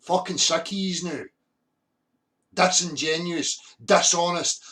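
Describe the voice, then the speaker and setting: A Scottish man hosting a live stream rants bluntly and angrily, swearing heavily and greeting viewers from the chat. His voice is a little high and a bit bright, at a moderate pace.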